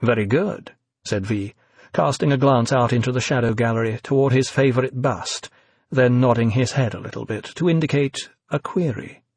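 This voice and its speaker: A man narrating an audiobook in a measured, even reading. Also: medium pitch, breathy edge, dry recording.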